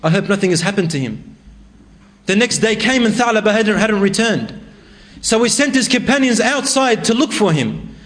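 Male preacher, high voice, dramatic storyteller who voices the people in his tale. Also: animated, moderate pace, fairly bright tone. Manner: emotive, acts out quoted voices with rising intensity. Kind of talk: sermon storytelling.

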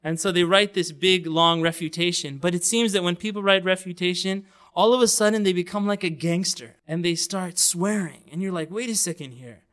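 Man, sermon, earnest and emphatic, smooth clear voice, a bit high. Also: steady tone, fairly quick, few pauses, fairly bright tone. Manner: earnest, emphatic, recites Quran in melodic chant. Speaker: Islamic preacher.

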